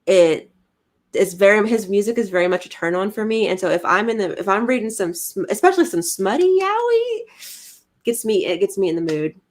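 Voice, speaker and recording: A woman's voice: medium pitch, sing-song, fairly quick. A woman co-hosting a casual podcast chat, playful and teasing, with frequent giggles. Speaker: co-host.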